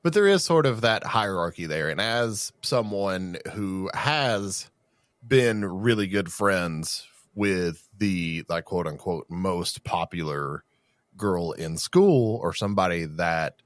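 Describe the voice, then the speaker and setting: A man's voice: deep voice, lively intonation, slow, dry recording, clean studio sound. A man co-hosting a podcast, talking bluntly and casually, with some swearing. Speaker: podcast co-host. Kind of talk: casual chat.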